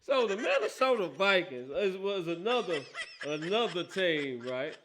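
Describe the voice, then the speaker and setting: A man's voice: high-pitched, animated, measured pace, fairly bright tone, slight background noise. A man hosting a casual football talk show, teasing and laughing often, with a habit of asking "right?". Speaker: host.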